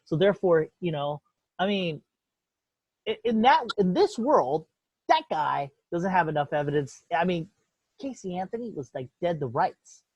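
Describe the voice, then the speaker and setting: A man's voice: high voice, animated, normal speed, slightly rough, dry recording. A man hosting a podcast, talking in a profane, heated, rambling way. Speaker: podcast host. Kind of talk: casual opinionated chat. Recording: dull lo-fi dry recording.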